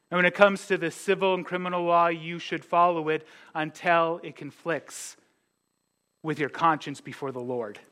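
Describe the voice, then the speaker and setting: High, bright-voiced man preaching. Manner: earnest, conversational preaching with restarts. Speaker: pastor. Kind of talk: sermon.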